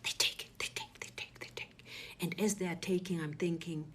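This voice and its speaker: Hushed, breathy woman. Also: fairly low pitch, steady tone, fairly quick. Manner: recounts an ordeal in a hushed, breathy half-whisper, quoting others. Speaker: speaker recounting a personal ordeal. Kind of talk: personal testimony, storytelling.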